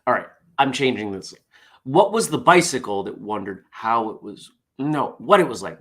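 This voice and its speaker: A man's voice: medium pitch, gravelly, a bit bright. A tired man hosting a casual morning show, reading jokes aloud in a wry, self-deprecating way. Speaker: host.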